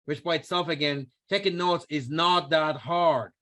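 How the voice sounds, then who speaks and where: A middle-aged man giving an energetic motivational training talk, coaching his audience and repeating key phrases for emphasis. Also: fairly high pitch, normal speed. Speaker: network marketing trainer.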